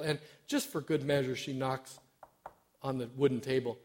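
A man's voice: mid-range voice, fairly even intonation, normal speed, darkish tone. A middle-aged man giving an informal sermon as a church stewardship director, self-deprecating and hesitant, with many fillers.

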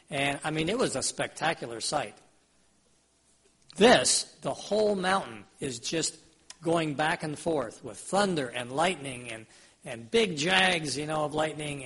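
Husky-voiced man preaching a sermon. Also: fairly high pitch, a bit bright. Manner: conversational, asks the audience questions; retells scripture in everyday words.

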